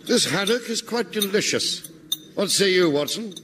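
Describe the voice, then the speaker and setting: An actor playing a smug, vain master detective in a radio comedy, speaking pompously and theatrically. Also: male voice, high-pitched, lively intonation, normal speed, background noise. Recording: live audience laughter. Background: audience laughter.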